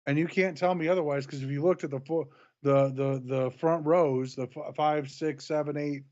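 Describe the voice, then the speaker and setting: Man, co-host, casual chat, halting restarts, dull lo-fi recording. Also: on the high side, fairly even intonation, a little mellow. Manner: short agreeing replies, halting restarts. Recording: muffled lo-fi mic.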